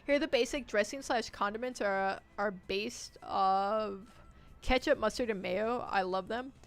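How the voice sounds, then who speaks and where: A woman streaming a game live, chatting and joking with viewers and shouting out loud when things go wrong. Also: medium pitch, measured pace. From United States. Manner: jokey, reacts loudly with sudden shouts. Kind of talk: live gameplay commentary.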